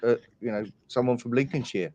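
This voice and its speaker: A man's voice: mid-range voice, fast, a little mellow. A man from England, chatting on a video call, joking and reading out viewer comments. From southern England. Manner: jokey, wry, reads out viewer comments. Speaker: guest on an online chat show. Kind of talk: casual chat and joke telling.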